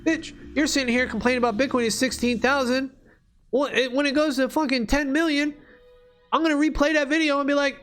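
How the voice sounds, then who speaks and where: A man's voice: extremely high pitch, steady tone, a little fast, fairly bright tone. A man ranting casually and profanely while playing a game, with faint music behind him. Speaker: video creator.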